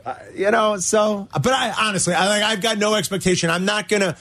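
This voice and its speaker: A man hosting a sports talk radio show, an animated fan who rants about his teams. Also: high voice, fairly quick, dry recording.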